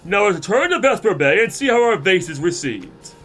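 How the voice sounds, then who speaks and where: A man's voice: high voice, big pitch swings, brisk, a bit bright, soft background music, voice pushed up. A man with a cold voicing a pompous, flamboyant old nobleman. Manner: pompous and indignant. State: congested with a cold.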